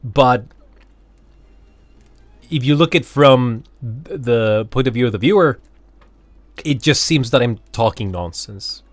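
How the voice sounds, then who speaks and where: A male streamer talks casually to his viewers while he plays. He thinks aloud and rambles with fillers, his pitch rising and falling a lot. The sound is close and dry. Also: lively intonation, takes it slowly, long pauses, no echo. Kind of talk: casual live-stream chat while gaming.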